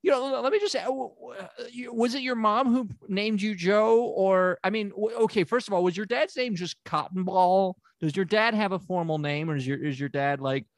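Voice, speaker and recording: A man improvising as a bumbling, crude therapist, rambling with many fillers and halting restarts. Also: sits high, no room sound, clean studio sound. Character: bumbling male sham therapist, oblivious and crude. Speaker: therapist character. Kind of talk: improvised comedy role-play.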